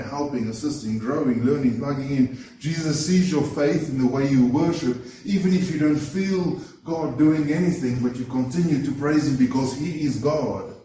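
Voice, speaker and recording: Man, preacher, sermon, earnest, emphatic, mellow voice, echoey room, distant mic. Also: mid-range voice, slight background noise. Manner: earnest, emphatic, repeats words when building a point. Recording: roomy echo, voice from far off the mic.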